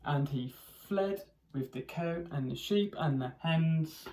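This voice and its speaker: Teacher doing storytime for little kids, asks them questions, does the animal noises, bit of hiss behind. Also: mid-range voice. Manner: pauses to ask young listeners questions; reads with expressive character voices and animal noises. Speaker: primary school teacher. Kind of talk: reading a picture book aloud to children.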